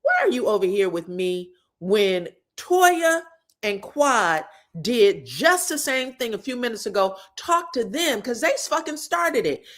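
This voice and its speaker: A woman's voice: a little high, very animated, unhurried, fairly bright tone. A woman voicing a furious woman who curses and fights back hard during an argument. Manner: cursing, combative.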